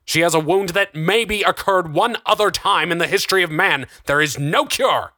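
A man's voice: on the low side, normal speed, a bit bright, dry recording, clean studio sound, natural voice. A man voicing a curt, commanding doctor in an audiobook. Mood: strained. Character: stern commanding male doctor.

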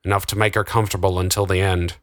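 A man's voice: deep voice, flat delivery, fast talker, a bit bright, no echo, clean studio sound. A man doing a stern, commanding doctor. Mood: strained. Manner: curt, commanding.

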